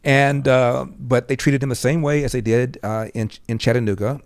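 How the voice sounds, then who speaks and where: An older man, a podcast guest, telling a personal story in an animated way and acting out the voices of the people in it. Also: mid-range voice, normal speed, no echo. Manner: animated storyteller who acts out quoted dialogue. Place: podcast studio.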